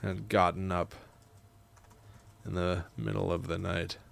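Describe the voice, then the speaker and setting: A man writing a horror story live, dictating slowly and musing, then chatting with viewers. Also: deep voice, gravelly. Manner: slow, halting and musing; lively and chatty with his viewers.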